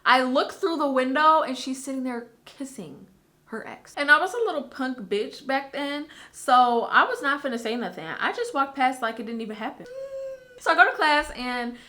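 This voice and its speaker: A woman's voice: high voice, lively intonation, normal speed, pushed and bright. A young woman in her twenties, telling a personal story in a candid, casual vlog, with frequent fillers and swearing. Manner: candid, chatty, swears freely, lots of fillers. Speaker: YouTuber.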